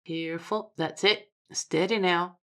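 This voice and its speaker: A woman voicing a sly, menacing frontier saloon owner who speaks with slow deliberateness. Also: fairly low pitch, fairly even intonation, pushed and bright, voice pushed up. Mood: cautioning. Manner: deliberate, veiled threats.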